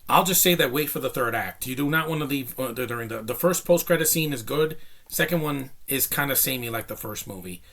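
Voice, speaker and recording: A man's voice: mid-range voice, expressive, a little fast, a bit bright. A young man giving a casual, rambling movie review, enthusiastic and a bit out of breath, with lots of fillers and restarts. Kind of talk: casual spoken film review.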